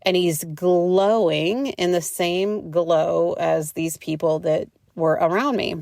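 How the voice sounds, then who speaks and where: Woman podcast host, low voice, gravelly texture, chatty and swearing, dry close sound. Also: steady tone, slow, a little mellow, no room sound. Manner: chatty, swears freely, many filler likes. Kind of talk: casual spiritual podcast monologue.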